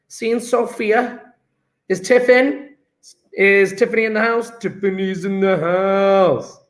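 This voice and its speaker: A man's voice: high voice, a bit bright, echoey room. A male teacher chatting and joking with his class while taking the register in a live-streamed online lesson. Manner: chatty, joking, takes register and reads out student chat.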